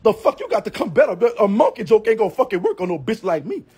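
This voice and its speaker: Brash high-voiced streamer man, very husky. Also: sing-song, fast talker, a little mellow. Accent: Southern US. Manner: brash, profane, trash-talking with frequent laughs. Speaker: live streamer. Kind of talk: livestream rant.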